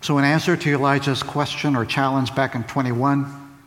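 A pastor delivers a sermon, posing rhetorical questions and repeating key phrases for emphasis. His voice is medium in pitch and fairly bright, with fairly even intonation and a moderate pace. The long reverb of a large hall surrounds him.

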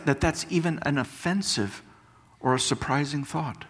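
A man preaching a sermon as pastor, slow and emphatic, building up to pointed questions and then dropping to hushed words. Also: on the high side. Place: church sanctuary. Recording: long reverb of a church hall.

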